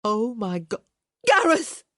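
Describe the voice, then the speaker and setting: A woman voicing a young woman treasure hunter who swings from hushed pleading to shrieking joy. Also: mid-range voice, very animated, a little slow, slightly rough, no room sound, studio quality, heavily acted. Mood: elated.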